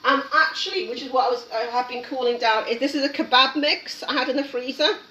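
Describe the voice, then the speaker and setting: A woman hosts a casual cooking demonstration, chatty and encouraging as she works. Her voice sits fairly high. She is recorded in an echoey home kitchen from some distance, with steady noise behind her. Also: fast, highs cut off. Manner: chatty, encouraging, talks while working. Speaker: cooking show host.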